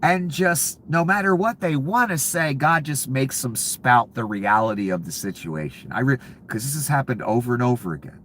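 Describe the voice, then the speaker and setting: A man's voice: medium pitch, lively intonation, normal speed, few pauses, a bit bright, a little hiss or hum. A man giving sarcastic, profane reaction commentary on news clips. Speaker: political commentator.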